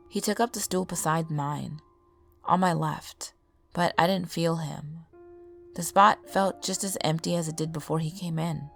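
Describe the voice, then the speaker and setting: A woman narrates a horror story in a calm, measured way. Her voice is low and slightly gravelly. Quiet music plays behind her. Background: faint background music.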